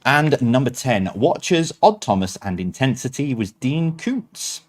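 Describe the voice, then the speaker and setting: Reading the answers on his streamed quiz night, this host sounds very animated, speaking a little slowly in a mid-range voice. He's easygoing and talkative, breaking off now and then to poke fun at himself.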